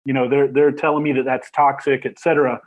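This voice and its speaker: A man's voice: mid-range voice, little pitch movement, fast talker, poor audio. A man hosting a podcast interview, talking casually and rambling with many fillers. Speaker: podcast host.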